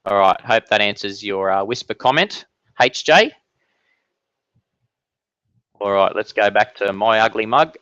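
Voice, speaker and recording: Aussie guy doing a chatty live stream q&a from his home office, lowish voice, dull dry mic sound. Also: unhurried, pauses often, fairly bright tone, no room sound. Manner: chatty, upbeat, many fillers and restarts. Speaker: weather channel host answering viewer questions.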